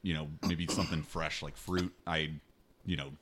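A man playing a tabletop game, joking and animated as he describes his character's actions. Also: extremely low pitch, normal speed. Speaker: player.

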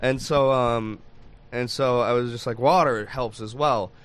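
A man's voice: medium pitch, steady tone, unhurried. A man hosting a podcast, telling a rowdy story in casual chat, swearing often and laughing as he goes. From Michigan. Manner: profane, laughs mid-story. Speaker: podcast host.

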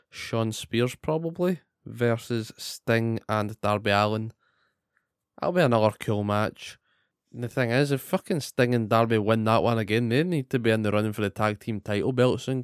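A man's voice: lowish voice, smooth, dry recording, studio quality. A man co-hosting a casual wrestling recap podcast, swearing often and ranting animatedly. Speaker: podcast co-host.

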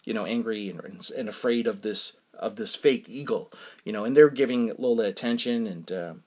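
A man casually telling a personal story to his audience, rambling and halting with frequent restarts and fillers. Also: lowish voice, a little mellow.

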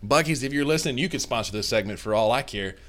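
Young Southern man, north Mississippi twang, bright voice, ribbing his co-host on a sports podcast. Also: mid-range voice, lively intonation, fast. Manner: playful trash talk, long enthusiastic lists. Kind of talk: casual sports podcast chat.

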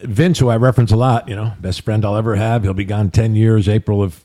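A man's voice: fairly low pitch, fairly even intonation, a little fast, mellow. Older guy rambling on a podcast, swears a lot. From New Jersey. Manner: rambling, profane storyteller. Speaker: podcast co-host. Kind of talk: casual chat.

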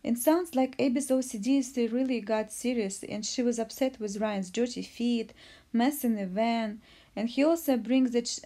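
A woman reading a case recap aloud, halting with slips and restarts. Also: fairly high pitch, warm tone. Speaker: narrator.

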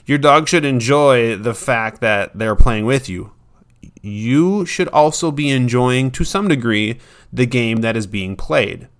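A man's voice: medium pitch, lively intonation, slow. A man who trains dogs, giving casual advice in a chatty, self-deprecating way and sometimes acting out what his dog would say.

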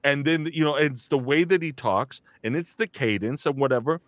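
A man's voice: on the high side, normal speed, dry recording. A man hosting a casual chat, rambling with constant fillers and restarts. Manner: rambling, heavy use of "like", restarts. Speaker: host, voice actor.

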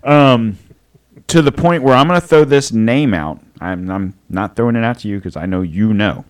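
A man's voice: on the low side, normal speed. A man co-hosting a podcast in casual chat, rambling and joking, laughing often. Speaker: podcast co-host.

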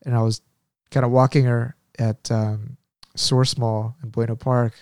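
A man's voice: medium pitch, little pitch movement, unhurried, darkish tone, no echo, studio quality. Rambling, reflective man chatting. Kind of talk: casual chat.

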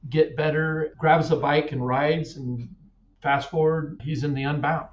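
A man's voice: fairly high pitch, fairly even intonation, measured pace. A middle-aged man from Kansas, a cyclist guest, telling his story earnestly, often repeating words. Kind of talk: casual interview. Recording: echoey distant dull-sounding mic.

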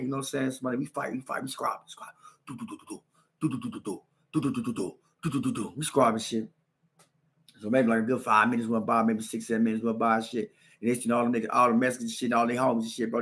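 A young man hosting a podcast, telling a story in casual chat, animated and slang-heavy, acting out punches with sound effects. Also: mid-range voice, gravelly. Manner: slang-heavy, repeats "you know what I'm saying". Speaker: podcast host.

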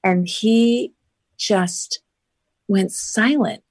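A woman's voice: medium pitch, drawn-out words, dry recording. Woman recounting a story on a podcast, earnest, lots of you knows, dry close sound. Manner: earnest, animated retelling with many fillers. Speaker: podcast guest. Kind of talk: storytelling interview.

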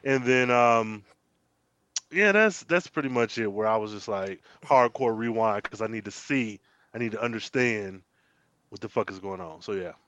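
Blunt, bright-voiced man co-hosting. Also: on the low side, moderate pace, dry recording, dull audio. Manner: blunt, profane. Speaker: podcast co-host. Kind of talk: casual chat.

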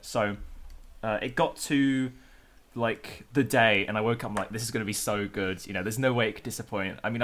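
A man's voice: lowish voice, fairly bright tone. A man, co-hosting a podcast, ranting animatedly in casual chat with mild swearing. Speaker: podcast co-host.

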